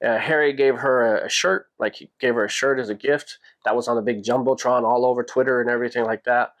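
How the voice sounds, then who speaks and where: A man hosting a podcast, telling a personal story in a casual, animated way and jumping his pitch up when he quotes people. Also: fast talker. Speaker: podcast host.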